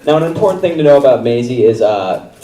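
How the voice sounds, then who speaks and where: A man's voice: medium pitch, animated, quick pace, mellow, recorded from a distance. A young man doing stand-up on a comedy theater stage, rambling casually through a story with lots of fillers. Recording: roomy theater sound from afar.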